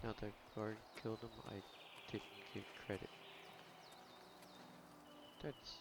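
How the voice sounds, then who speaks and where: A man's voice: lowish voice, a little slow, vocal fry, pauses often, very noisy. A man giving casual commentary on his game, exasperated and stammering, repeating himself as he grumbles. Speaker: gamer streaming a playthrough. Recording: loud game music under the voice. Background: game music.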